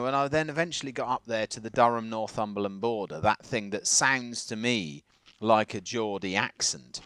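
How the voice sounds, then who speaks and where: A man with a slightly plummy southern English accent, co-hosting a casual countryside podcast, talking in an animated, rambling way. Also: fairly low pitch, no room sound. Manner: animated, rambling, laughs often. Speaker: podcast co-host. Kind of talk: casual chat.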